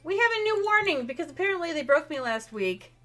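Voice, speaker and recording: Chatty woman game master, slightly high voice. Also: big pitch swings, fast talker, sharp tone. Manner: chatty, apologetic, many fillers. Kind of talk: casual chat streaming a tabletop game.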